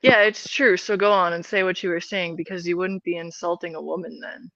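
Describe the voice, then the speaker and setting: Sarcastic, gravelly woman on a call. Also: on the low side, fairly even intonation, brisk, sharp tone, no echo, dull audio. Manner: sarcastic, cutting, swears. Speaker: participant in a heated online voice chat. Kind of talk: argumentative voice chat.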